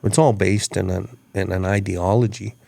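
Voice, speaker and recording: Male host, low gravelly voice, earnest storyteller, dry close sound. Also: fairly even intonation, normal speed, a little mellow, no echo. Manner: earnest, repeats words as he restarts. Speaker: podcast host. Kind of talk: reflective storytelling chat.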